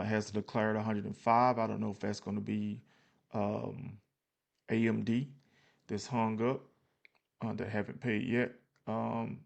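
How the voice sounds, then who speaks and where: Man, low gravelly voice, casual screen walkthrough, plainspoken, lots of ums, a bit tired. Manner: loose, plainspoken, many fillers and restarts. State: tired, yawning. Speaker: investing channel host.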